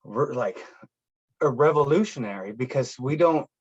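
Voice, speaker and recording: A man's voice: mid-range voice, expressive, normal speed, darkish tone, breathy edge, dull audio. A man speaking on a panel, telling stories in a rambling way with many fillers and acted-out quotes. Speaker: guest speaker. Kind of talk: casual talk at a speaker panel.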